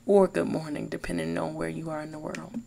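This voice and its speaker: A woman hosting a faith podcast, speaking in a slow, emphatic, encouraging way. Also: low voice, animated, gravelly, mellow, a little hiss or hum. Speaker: podcast host. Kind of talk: inspirational faith talk.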